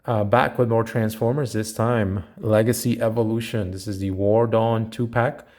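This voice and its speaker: A man's voice: on the low side, normal speed. A man giving a casual, rambling toy unboxing review with many fillers. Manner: relaxed, rambling with frequent fillers.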